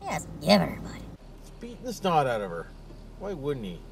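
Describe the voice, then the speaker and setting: Older Ontario man, fairly high voice, crude joking vlogger, recorded from a distance in a noisy car. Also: wildly swooping pitch, fairly quick, creaky. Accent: Canadian, Ontario. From Canada. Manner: crude joking banter, repeats catchphrases like "friggin' right". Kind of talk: casual vlog chat while driving. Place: inside a car while driving. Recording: distant mic with loud car noise.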